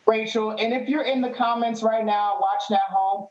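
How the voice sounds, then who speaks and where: A man's voice: high voice, fairly even intonation, moderate pace. A man hosting a live-streamed show, talking loosely, joking and laughing often. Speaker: host. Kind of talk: casual live-stream chat. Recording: muffled lo-fi audio.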